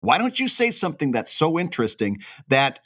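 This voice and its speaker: A man's voice: on the high side, wildly swooping pitch, brisk, a bit bright, dry recording, studio quality. A man co-hosting a cartoonists' podcast, giving emphatic, opinionated advice in casual shop talk.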